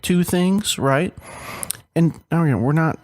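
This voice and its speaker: A man co-hosting a podcast, arguing his points in casual chat with a halting, opinionated manner. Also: fairly high pitch, dry recording. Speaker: podcast co-host.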